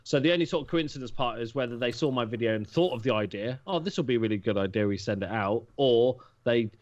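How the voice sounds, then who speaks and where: A man talks earnestly at length as a podcast guest, in casual conversation. His voice sits at a middle pitch. The sound is dull and lo-fi. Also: fast talker. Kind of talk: casual chat. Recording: dull lo-fi mic.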